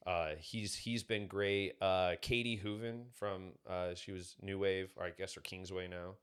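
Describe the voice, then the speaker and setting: A man's voice: low voice, fairly even intonation, a little slow, fairly bright tone, clean tone. A man talking casually on a podcast, rambling through stories with lots of fillers. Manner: rambling, filler-heavy storytelling. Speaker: podcast guest.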